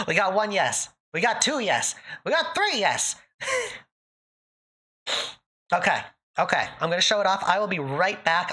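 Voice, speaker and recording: A woman's voice: on the low side, sharp tone, husky. Giggly woman with a Boston accent. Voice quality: slight lisp on S sounds. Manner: giggly, chatty. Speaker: streamer. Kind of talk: casual live-stream chat.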